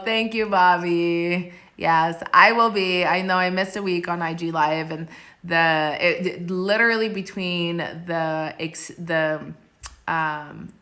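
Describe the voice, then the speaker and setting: A woman's voice: on the low side, bright, forceful tone. A young woman hosting a casual live stream from her phone, laughing often and reading out viewer comments. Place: countryside village home.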